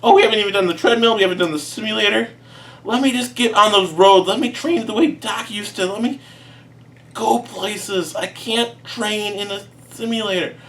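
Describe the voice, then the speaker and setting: A man's voice: high-pitched, normal speed, fairly bright tone, far from the mic. A man doing Lightning McQueen, impatient race car. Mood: insistent. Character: cocky aging male race car, cartoon.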